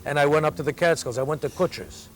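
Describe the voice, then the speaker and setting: A man's voice: fairly high pitch, fast, heavy background noise. A man in his sixties, a comedian and interview guest, telling rambling anecdotes in casual conversation. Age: 60s. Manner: rambling anecdotal, repeats "I says".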